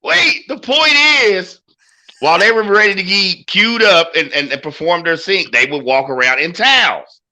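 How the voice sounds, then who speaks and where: A man co-hosting a casual wrestling podcast tells stories with lots of energy, swearing freely as he goes. His voice sits high and he talks at a moderate pace.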